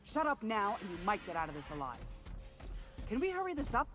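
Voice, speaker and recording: A woman's voice: mid-range voice, wildly swooping pitch, fairly quick, a bit bright, faint music behind. An actress playing an impatient woman outlaw in a game, curt and threatening.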